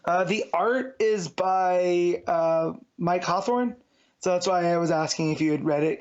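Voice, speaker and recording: A man's voice: high voice, unhurried. A man co-hosting a podcast, summing up comics in a casual, rambling chat full of fillers and restarts. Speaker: podcast co-host. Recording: dull lo-fi sound.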